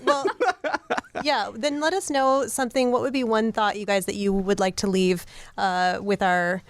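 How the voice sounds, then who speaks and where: A woman's voice: medium pitch, steady tone, normal speed, no room sound. A woman co-hosting a radio talk show, asking upbeat questions of her guests. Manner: upbeat, affirming interviewer.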